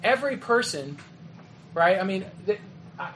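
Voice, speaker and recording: A man's voice: high voice, lively intonation, fairly bright tone, slight background noise. Man coaching leaders, echoey room. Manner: conversational, frequent "okay?" and "right?" check-ins; acts out quick quoted exchanges. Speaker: youth ministry leader. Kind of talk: training talk to volunteer leaders. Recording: echoey room with faint ambience.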